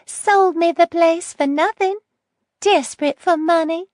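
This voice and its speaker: A woman reading an audiobook, voicing a sugary-sweet but spiteful old woman in a high, honeyed voice that turns harsh. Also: a little slow, a little mellow, dry recording, studio quality. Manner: syrupy sweet turning harsh and hissing.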